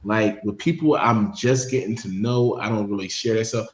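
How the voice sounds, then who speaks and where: A man in a casual group conversation who speaks haltingly and restarts his sentences. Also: on the low side. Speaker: discussion participant. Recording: roomy echo with faint noise.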